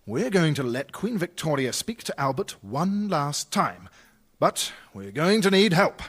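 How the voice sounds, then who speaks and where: An actor playing a pompous, scheming Victorian gentleman in a radio comedy sketch. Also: fairly high pitch, very animated, unhurried.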